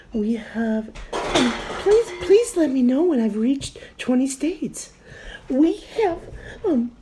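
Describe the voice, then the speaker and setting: A squeaky, strained falsetto that rushes and stumbles, full of ums and uhs. The put-on voice sits far above his own and sounds flustered and frantic. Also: warm tone, slight background noise, exaggerated voice. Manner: frantic listing with many fillers.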